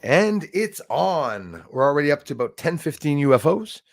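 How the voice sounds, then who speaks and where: A man's voice: fairly high pitch, very animated, moderate pace, gravelly, dry recording. A man hosting a casual livestream, rambling and reading viewer comments aloud with jokey asides. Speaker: livestream host reading chat.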